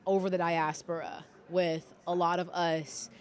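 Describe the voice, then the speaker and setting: Animated woman podcast host. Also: fairly low pitch, a little slow. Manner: animated, expressive, frequent affirmations. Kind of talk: interview conversation.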